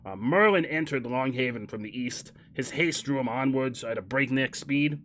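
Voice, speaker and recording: A man's voice: mid-range voice, normal speed, a bit bright, a little hiss or hum, close to an everyday voice. A man doing a put-on Australian accent, reading a fantasy passage with mock drama and breaking into laughter. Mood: mock-dramatic.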